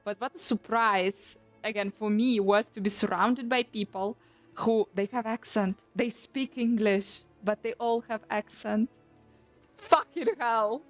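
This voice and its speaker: A young woman chatting casually on a live stream, animated and swearing often as she restarts her sentences. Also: a little high, a little slow. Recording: faint background music.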